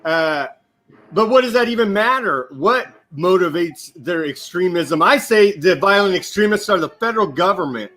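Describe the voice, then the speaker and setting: A man giving political commentary as a guest, indignant and forceful, asking rhetorical questions. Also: sits high, lively intonation, moderate pace.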